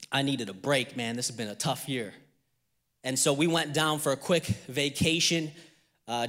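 A man's voice: a little high, a bit bright, in a large hall. A young man preaching a sermon as pastor. He tells a candid personal story and then builds to emphatic preaching.

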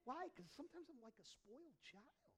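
A middle-aged male pastor preaching in a husky, raspy voice that sits high for a man. His pitch leaps around in a lively, animated way. He preaches conversationally, dropping to near-whispers and then rising to loud emphasis. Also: normal speed, poor audio. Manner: conversational preaching with personal stories, swinging from hushed to loud. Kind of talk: sermon.

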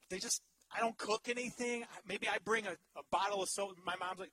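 A male pastor in his thirties preaching a sermon in an animated, humorous way, swinging from loud to hushed. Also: high voice, brisk, slightly rough, low-quality recording.

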